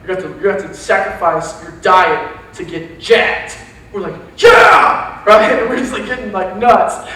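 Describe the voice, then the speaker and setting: A young man with a Texan accent preaching a casual, joking sermon to young adults, telling animated stories with slang. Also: sits high, brisk. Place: large church hall. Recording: very echoey hall, distant mic, faint hiss.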